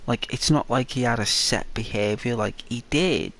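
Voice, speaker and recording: A man's voice: medium pitch, moderate pace, fairly bright tone. A man giving casual, rambling commentary heavy with fillers. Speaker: gaming commentator.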